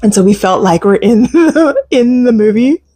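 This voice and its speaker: A woman hosting a casual solo podcast, chatty and animated, laughing often and saying "like" a lot. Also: fairly high pitch, moderate pace, no echo. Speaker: podcast host. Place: home.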